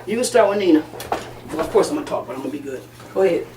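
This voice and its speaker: A woman hosting a casual panel talk show, loud, brash and profane, laughing often. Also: on the low side, animated, racing, background noise. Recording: echoey room, mic far off.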